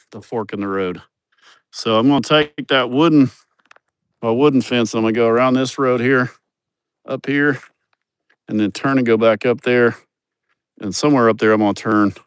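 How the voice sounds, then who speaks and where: A man's voice: medium pitch, normal speed, pauses often, a bit bright, clear, resonant tone, dry recording, studio quality. A man, giving a crude, joking, rambling livestream tour of his farm, outdoors on a phone camera. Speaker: vlogger showing his farm. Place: outdoors on rural farmland.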